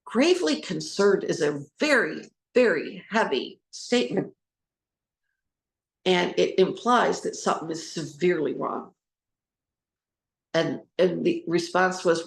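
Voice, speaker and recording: A woman's voice: fairly low pitch, lively intonation, unhurried, creaky, pauses often. A woman trauma recovery coach giving an informal talk, telling stories and acting out what others said. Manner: storytelling, acting out quoted voices. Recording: echoey room.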